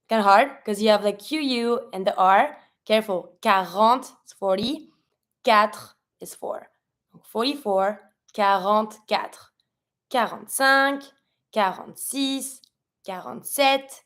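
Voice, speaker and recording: A woman with a fairly high voice who is a native French speaker, teaching a numbers lesson in English. She talks patiently and says each number slowly and clearly, over and over. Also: a bit bright. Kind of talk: language lesson.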